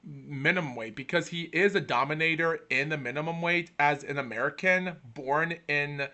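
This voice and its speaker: A man's voice: on the high side, moderate pace, pushed and bright. A man hosting a casual boxing podcast, rambling with restarts and fillers, exasperated when his camera freezes. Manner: exasperated, calls out hello over and over. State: catching his breath. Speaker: podcast host.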